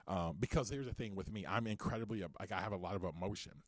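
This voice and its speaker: A man's voice: lowish voice, fast, no echo, studio quality. A man co-hosting a podcast, talking openly and with passion, his voice rising when he gets worked up. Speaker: podcast co-host and CEO. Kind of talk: candid podcast conversation.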